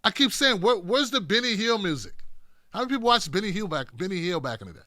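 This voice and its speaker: A man riffs on political clips with a jokey, sarcastic edge, now and then acting out other people's voices. His voice sits high and sounds bright and crisp. The sound is dry, with no room echo. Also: sing-song, fast. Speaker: political commentator. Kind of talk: casual commentary on clips.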